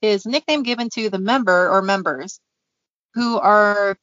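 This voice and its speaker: A woman's voice: medium pitch, normal speed, a bit bright, dry recording. A chatty woman co-hosts a podcast, laughing often as she talks. Her speech is loose and full of fillers. The recording is dry and a little muffled. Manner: giggly, chatty, lots of fillers. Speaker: podcast co-host. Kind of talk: casual chat.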